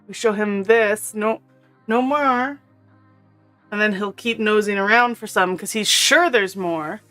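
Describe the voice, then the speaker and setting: A woman streaming a video game chats casually with her viewers and her pet, laughing often, while faint intro music plays. Her medium-pitched voice is steady, bright, and forceful at a normal speed.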